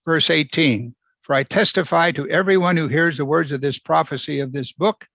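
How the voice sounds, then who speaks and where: A man's voice: a little high, normal speed, gravelly, a bit bright, no room sound. A man preaching a verse-by-verse sermon, emphatic and repeating phrases for stress. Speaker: pastor. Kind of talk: expository sermon.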